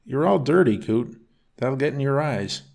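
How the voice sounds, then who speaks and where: A man's voice: mid-range voice, animated, moderate pace, vocal fry, a little mellow, pitched above the performer's own voice. A man voicing an easygoing single father, a car salesman with a slight Virginia drawl, patient and teasing. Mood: gentle teasing.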